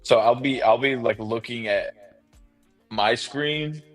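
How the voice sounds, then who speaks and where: A man's voice: mid-range voice, slow, faint music behind. A man hosting a live stream, chatting in an easygoing way full of "like" fillers while he draws. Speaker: streamer host. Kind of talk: casual chat while drawing on stream.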